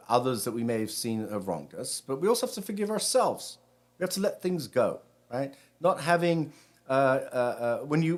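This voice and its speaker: A man from Britain, a rabbi, talks through a spiritual theme in a loose, conversational ramble. His voice sits at an ordinary middle pitch. He often restarts his sentences before finishing a thought. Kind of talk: casual spiritual talk.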